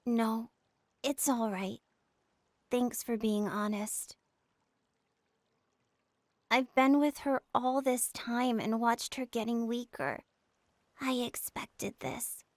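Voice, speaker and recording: A woman's voice: on the high side, fairly even intonation, takes it slowly, pauses often, no echo. A woman voicing an earnest, dutiful eleven-year-old girl in a video game. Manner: earnest, then firm and commanding. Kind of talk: game voice acting.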